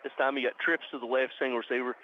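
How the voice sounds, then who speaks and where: A man calling a high school football game live on the radio as the play-by-play announcer, speeding up and rising on big plays. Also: level tone, rapid-fire. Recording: muffled radio broadcast with faint noise.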